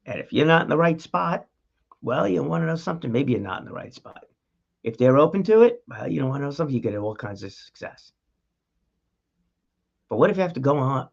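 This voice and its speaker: A man's voice: mid-range voice, vocal fry, dull audio. A man hosting a talk show, giving an emphatic motivational monologue straight to the listener in a coaching tone. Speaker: podcast host.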